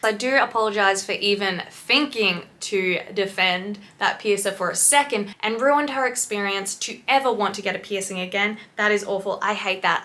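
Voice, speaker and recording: A woman's voice: medium pitch, pushed and bright. A woman piercer reacting to clips in casual commentary, explaining patiently and swearing bluntly.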